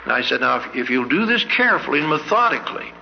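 Gravelly older man preaching in a hall. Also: mid-range voice, sing-song, fast talker, slight background noise. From Canada. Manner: earnest storyteller, asks many searching questions. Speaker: church speaker. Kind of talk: anecdotal sermon. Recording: dull lo-fi recording in a reverberant hall.

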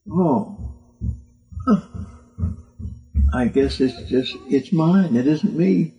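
An older man preaching doctrine in an earnest, emotional way. He speaks slowly, often stumbling and repeating words, and his voice sits fairly high for a man. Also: creaky, mellow, rough recording. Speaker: religious teacher. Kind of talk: doctrinal sermon.

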